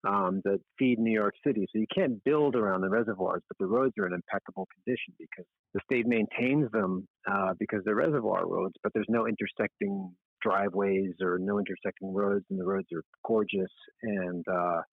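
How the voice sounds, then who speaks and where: A middle-aged man chats as a podcast guest, rambling in a friendly, self-deprecating way. His voice sits a little low and comes through a dry, tinny phone-like line. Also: fairly even intonation, brisk, no echo. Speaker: magazine editor-in-chief, guest. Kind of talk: casual interview talk.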